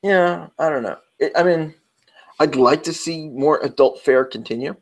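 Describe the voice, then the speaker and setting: A man's voice: a little high, normal speed. A man with a New York accent co-hosting a casual podcast, talking in a chatty, rambling way and often restarting his sentences. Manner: chatty, rambling, self-interrupting. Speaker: podcast co-host. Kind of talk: casual round-table chat.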